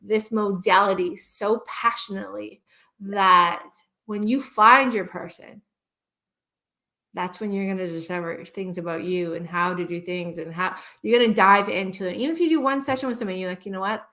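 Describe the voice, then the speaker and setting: A woman's voice: mid-range voice, moderate pace, bright, forceful tone. A woman hypnotherapist speaking as a guest in a live-stream conversation, earnest and passionate, often restarting her sentences.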